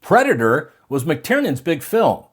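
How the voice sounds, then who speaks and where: A man's voice: fairly high pitch, big pitch swings, a little slow, slightly rough. A man narrating a documentary episode in a scripted style, building up each turn of the story.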